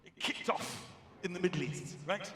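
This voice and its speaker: A man performing stand-up comedy on a large theater stage, telling a story in an animated, excitable way into a handheld mic. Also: high voice, moderate pace, recorded from a distance. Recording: echoey hall, audience noise.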